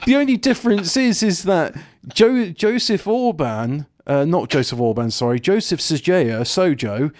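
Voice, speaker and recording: A man's voice: fairly high pitch, lively intonation, moderate pace, few pauses, a little mellow. A man hosting a casual comedy podcast, reading news stories aloud with sarcastic asides and swearing.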